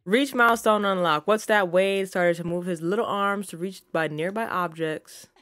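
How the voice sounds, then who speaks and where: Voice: mid-range voice, normal speed, fairly bright tone, no room sound. A gaming channel host giving casual let's-play commentary, scolding the game characters and reading on-screen text aloud. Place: home recording setup.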